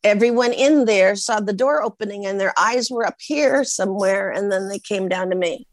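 An older woman from Portland, a guest in an interview, telling a lively story and acting out the lines of the people in it. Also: mid-range voice, moderate pace, no room sound. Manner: lively anecdotes with acted-out quotes.

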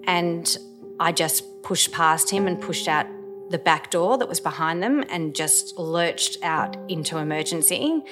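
A woman with a low-pitched voice tells a personal story in the first person. She speaks hesitantly, with frequent pauses, ums and restarts. Faint music plays quietly behind her. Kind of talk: emotional first-person recollection.

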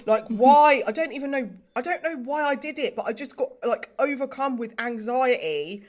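A woman's voice: high-pitched, expressive, brisk. A young woman chatting casually as a podcast co-host, rambling and self-deprecating, with many filler words. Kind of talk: casual chat.

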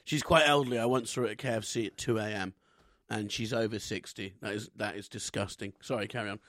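A man's voice: on the low side, fairly even intonation, quick pace, a bit bright, dry recording. Man making dry, wry remarks. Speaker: podcast co-host. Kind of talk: casual chat.

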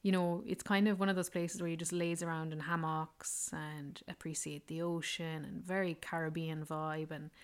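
A woman's voice: sits low, flat delivery, moderate pace, few pauses, clear, resonant tone. A woman telling a rambling, casual travel story, full of "like" and "yeah". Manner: chatty, rambling, fond of fillers like "like" and "yeah". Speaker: travel vlogger.

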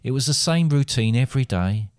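A middle-aged man reading a comic fantasy story aloud in a wry, deadpan way. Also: mid-range voice, fairly quick, clear, resonant tone, no echo, clean studio sound. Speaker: podcast co-host, father.

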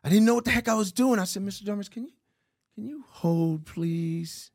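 A man's voice: sits high, normal speed, no echo, clean studio sound. A middle-aged man, an interview guest telling stories in casual talk and acting out the people he quotes. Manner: animated storyteller acting out quoted dialogue.

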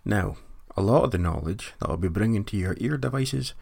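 A man's voice: on the low side, expressive, fairly quick, creaky, darkish tone, dry recording. A Scottish man hosting a comedy podcast, telling stories with dry, wry jokes. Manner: dry, wry joking delivery. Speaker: podcast host. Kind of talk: comic storytelling monologue.

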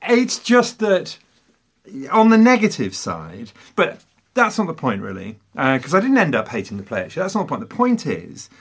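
A man hosting a casual film chat, talking in an animated, teasing way with theatrical emphasis. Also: on the high side, normal speed, creaky, breathy edge. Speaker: podcast host and stand-up comedian.

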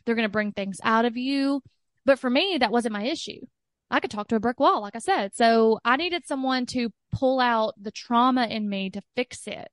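Higher-voiced chatty woman, casual guest. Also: normal speed, no echo, studio quality. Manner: chatty, fillers of "like", frequent laughs. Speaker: podcast guest, coaching client. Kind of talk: candid casual chat.

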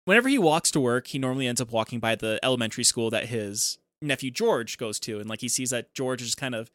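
Fast-talking, agreeable man co-hosting. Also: mid-range voice, animated, a bit bright, no echo. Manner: quick, agreeable, frequent yeahs. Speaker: podcast co-host. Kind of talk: casual chat recapping a TV show.

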